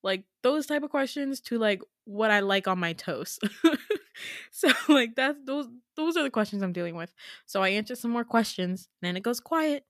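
A woman's voice: on the high side, moderate pace, dry recording, studio quality. A young woman hosting a podcast, casually retelling a dream with lots of laughter and the odd swear word. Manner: animated, laughing, swearing freely. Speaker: podcast host. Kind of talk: casual storytelling.

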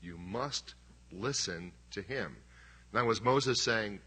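A man's voice: on the low side, animated, slow, pushed and bright, slightly rough. A middle-aged man preaching a sermon as pastor, conversational and emphatic, with self-deprecating humor.

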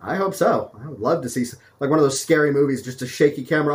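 A man's voice: a little high, fast talker, few pauses. A man co-hosting a podcast, bantering sarcastically with crude jokes and mock voices. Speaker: podcast co-host.

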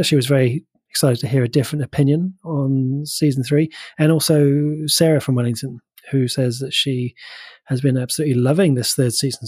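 A New man co-hosting an entertainment podcast, joking in a dry, teasing way. His voice is slightly husky and recorded close with no room sound. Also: medium pitch, darkish tone, no room sound. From New Zealand. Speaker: podcast co-host. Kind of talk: casual chat.

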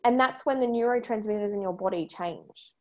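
A woman's voice: medium pitch, fairly quick, a little mellow. A woman hosting a podcast, talking earnestly and emphatically, repeating points for stress. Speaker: podcast host. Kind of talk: casual chat.

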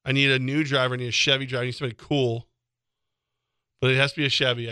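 A man's voice: medium pitch, steady tone, fast, pauses often, pushed and bright, smooth, no echo. A middle-aged man hosting radio sports talk, rambling and interrupting himself as he tells stories at a studio mic. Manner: rambling, self-interrupting storyteller.

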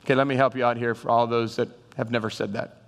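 A man's voice: mid-range voice, level tone, fast talker, vocal fry. A male pastor preaching a sermon with humor, calling out to his congregation. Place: church sanctuary. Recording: reverberant church hall.

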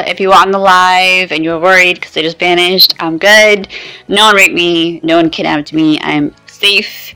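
At a psychic conference, a tired young woman talks straight to camera in a casual vlog, cursing freely with her voice shot. It sits on the low side, gravelly yet bright and forceful. The audio is poor.

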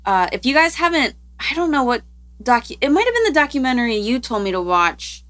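Bright-voiced woman podcast host. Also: a little high, sing-song, fairly quick. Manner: chatty, rambling, laughs often. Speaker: podcast co-host presenting science news. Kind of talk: casual podcast chat.

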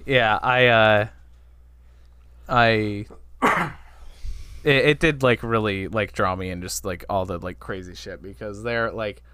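Halting low-voiced man on a podcast. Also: fairly even intonation, pushed and bright, clean tone, no echo. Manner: halting, trails off and restarts often. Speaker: podcast co-host. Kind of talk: casual podcast chat.

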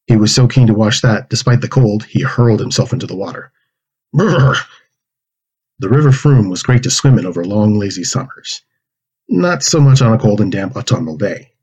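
A man reading a children's story aloud with expressive delivery, acting out character lines and pig oinks. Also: on the low side, a little fast, husky, low-quality recording. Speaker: narrator reading a manuscript aloud.

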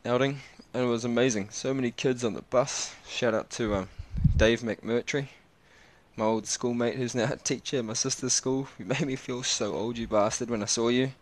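A man's voice: medium pitch, moderate pace. Rambling slangy New man. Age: 20s. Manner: rambling, slangy, animated storytelling. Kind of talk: casual monologue.

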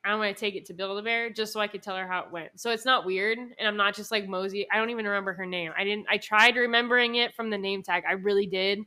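A woman in her twenties co-hosts a podcast with her sister, rambling through a story in casual chat packed with swearing and laughter. Her medium-pitched voice is bright and forceful, fairly even in intonation, fast, with few pauses.

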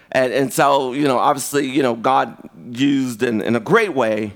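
A man preaches a conversational sermon at a moderate pace, telling stories animatedly as his pitch jumps sharply.

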